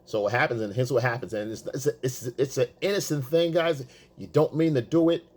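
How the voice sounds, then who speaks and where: A man's voice: medium pitch, a little fast, a little mellow. A man talking as a dating coach, casual and profane, repeating himself for emphasis. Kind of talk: casual coaching talk to the camera.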